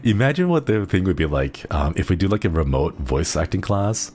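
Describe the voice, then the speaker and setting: A man's voice: deep voice, very animated, a little fast, a little mellow. A young man streaming as a virtual idol, chatting casually in a rambling way full of fillers and giggly asides. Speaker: VTuber streamer. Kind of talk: casual chat.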